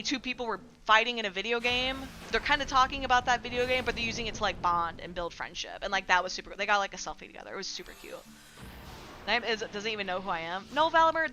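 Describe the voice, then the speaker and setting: A woman's voice: mid-range voice, bright, forceful tone, slight background noise. A woman streamer chatting casually with her live chat, rambling with lots of filler words and casual swearing.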